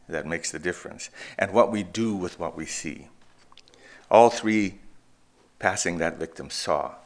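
Deep-voiced man preaching a sermon. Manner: reflective, emphatic preaching with pauses and restarts. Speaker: pastor.

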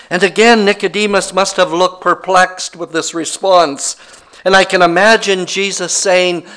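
A man's voice: a little high, measured pace, fairly bright tone. A man preaching a sermon, retelling a scripture story in a conversational way with wry asides.

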